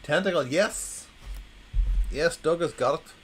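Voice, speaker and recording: A livestream host with a voice on the high side speaks unhurriedly over poor audio with a little hiss or hum. In a wry, casual stream, he reads groan-worthy jokes to his quiet chat and repeats the punchlines when nobody answers.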